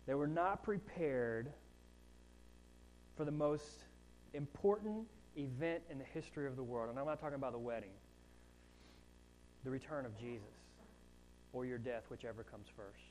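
A man's voice: medium pitch, normal speed, long pauses, a little mellow, slight background noise, poor audio. A man preaching a sermon in a conversational way, with asides and rising emphasis on key points. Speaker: pastor.

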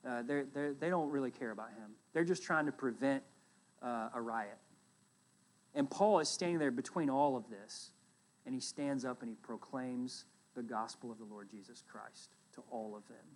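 A man preaching a sermon as pastor, retelling a scripture story with loud emphatic bursts and quiet, dropped asides. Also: mid-range voice, moderate pace.

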